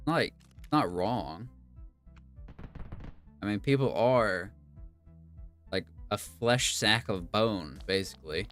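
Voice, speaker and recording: A man's voice: on the low side, sharp tone. A man chatting casually while playing a video game, musing and meandering with many fillers. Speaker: gaming YouTuber. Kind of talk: rambling commentary over gameplay. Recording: game music playing behind.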